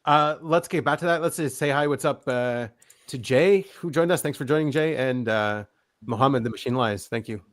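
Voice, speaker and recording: A man's voice: mid-range voice, normal speed, no echo, studio quality. A man casually hosting an online group call, welcoming people in an easygoing way. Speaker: host.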